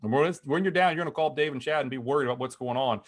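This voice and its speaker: A man talking at a quick clip as a guest strategist on a video call. He explains with lots of energy, trips over his own restarts, and slips into quick acted-out quotes. His pitch sits right in the middle. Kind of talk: animated conversational explanation.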